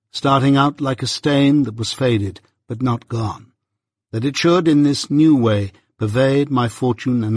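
A man reading an audiobook in a measured, unhurried way. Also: mid-range voice, no echo. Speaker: audiobook narrator. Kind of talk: scripted narration. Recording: dry close audiobook recording.

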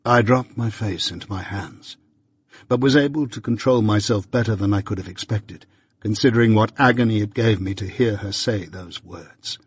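A man giving a measured, earnest first-person reading of a novel, as an audiobook narrator. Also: fairly low pitch, breathy edge, no room sound.

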